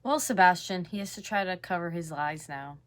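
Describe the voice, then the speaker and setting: A woman's voice: lowish voice, fairly quick. Blunt chatty young woman. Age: 20s. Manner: chatty and blunt, swears casually. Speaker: reaction video host. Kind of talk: casual reaction commentary.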